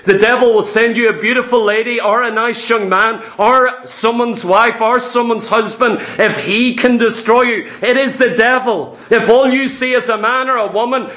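A man with a very high voice preaches a sermon in a church. His talk is full of rhetorical questions to the congregation, and the sound rings around an echoey room. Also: sharp tone.

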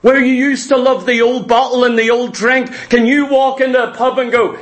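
A man delivers a sermon in a notably high-pitched voice, leaning on storytelling and acting out the voices of the people he quotes. His speech is full of stammered restarts and repeated words as he presses his points. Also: steady tone, moderate pace, hardly any pauses. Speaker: preacher.

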